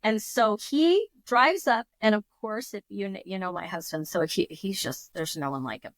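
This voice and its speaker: A woman in her fifties, a podcast guest telling a story in a lively, emotional way, with frequent restarts. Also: medium pitch, normal speed, no room sound. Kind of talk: casual storytelling.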